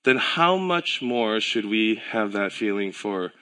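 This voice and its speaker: A man delivers a relaxed, conversational sermon, as if he were chatting with friends. His voice is bright and forward. He tells stories animatedly and slips into the voices of the people he quotes. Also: lowish voice, slow. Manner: relaxed storytelling with filler words and self-corrections. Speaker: pastor.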